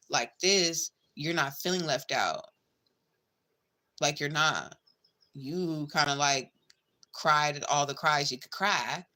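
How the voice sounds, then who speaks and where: A woman's voice: low voice, pushed and bright. A woman giving a casual tarot reading, chatty and blunt, swearing freely and calling the listener babe and girl. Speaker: tarot reader.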